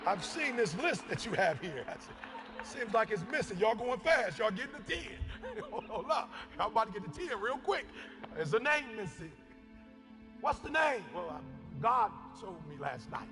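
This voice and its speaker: A man preaching an impassioned motivational sermon, shouting, repeating phrases and calling on his listeners. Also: high-pitched, very animated, moderate pace. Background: background music.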